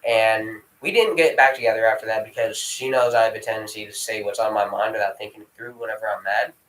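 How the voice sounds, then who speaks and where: A man's voice: lowish voice, fairly even intonation, quick pace, a bit bright, recorded from a distance. A young man telling a rambling personal story in casual vlog style, swearing freely and breaking off to scold his dog. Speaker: vlogger. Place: room at home with dogs. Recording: echoey room.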